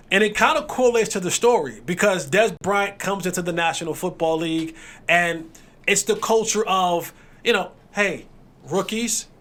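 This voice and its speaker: A man hosting a podcast, a former football player, telling a story in relaxed casual chat. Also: high-pitched.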